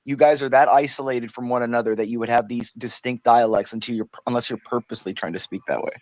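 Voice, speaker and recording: A man's voice: medium pitch, fairly even intonation, fast, no echo. An American man talks over others in a casual group chat, insisting on his point and tossing in "dude" and "bro." His voice sits in an ordinary middle range. The sound is dry and close, with no room around it. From Southern California. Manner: argumentative, says "dude" and "bro".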